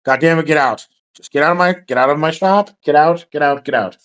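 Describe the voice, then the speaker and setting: A man's voice: on the high side, brisk, smooth, lightly acted. A man voicing an angry half-orc shopkeeper. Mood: exasperated. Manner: yelling, swearing, exasperated.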